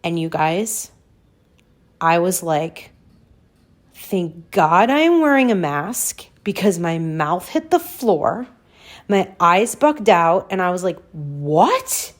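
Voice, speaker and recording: A woman's voice: on the low side, slow. A woman in her forties hosting a podcast, animatedly telling a personal story to listeners and acting out her own reactions. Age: 40s. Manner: animated, addresses listeners as "you guys", acts out her reactions. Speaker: podcast host.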